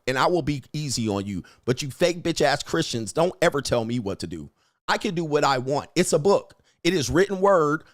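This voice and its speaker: Brash, profane male stream host. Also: fairly high pitch. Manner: frequent laughter. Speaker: livestream show host. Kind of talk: casual livestream commentary.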